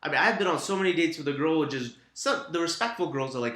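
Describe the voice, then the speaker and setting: A man's voice: a little high, animated, quick pace, fairly bright tone. Young man hosting a podcast, echoey room. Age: young adult. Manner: joking, laid-back, swears casually. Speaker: podcast host. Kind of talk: casual podcast chat.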